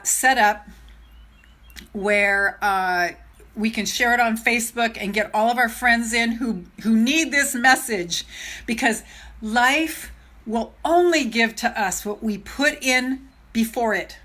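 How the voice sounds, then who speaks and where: An older woman coaching on self-love in a live vlog, emotional and animated, repeating her phrases, her voice trembling. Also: a little high. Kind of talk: live-stream vlog talk.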